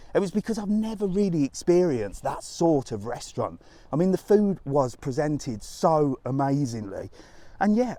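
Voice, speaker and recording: A man's voice: fairly high pitch, warm tone, no room sound. A man hosting a live travel stream outdoors on a resort street, chatting to viewers, ranting and laughing often, with some swearing.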